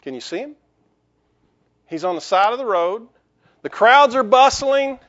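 A man's voice: extremely high pitch, expressive, measured pace, a bit bright, muffled recording. A man pastor preaching a sermon in a conversational way, with restarts and rhetorical questions to the congregation.

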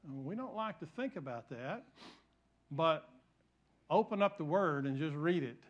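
A middle-aged pastor preaches in church, telling a rambling, folksy tale straight to his congregation and often starting sentences over. His voice is notably high, and his delivery is animated but a little slow. The recording sounds muffled.

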